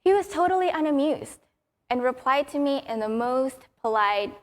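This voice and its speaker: A woman's voice: high-pitched, moderate pace. Upbeat woman giving a conference talk. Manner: upbeat, storytelling. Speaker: conference speaker.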